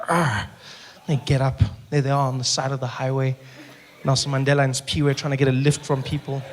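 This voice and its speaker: A young man doing a stand-up routine, telling animated stories full of voices and asides. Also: medium pitch, a little fast. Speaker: stand-up comedian.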